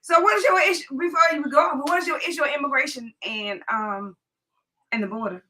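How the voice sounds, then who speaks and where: Bright lively woman podcast host. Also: sits high, a little fast, rough recording. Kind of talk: podcast interview.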